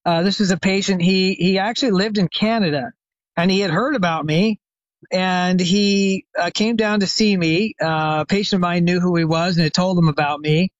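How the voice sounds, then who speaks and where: A man's voice: high-pitched, fairly even intonation, normal speed, no echo, muffled recording. Older man telling a rambling story. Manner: rambling anecdotal telling with many fillers and restarts. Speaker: retired chiropractor, guest expert. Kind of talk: conversational storytelling interview.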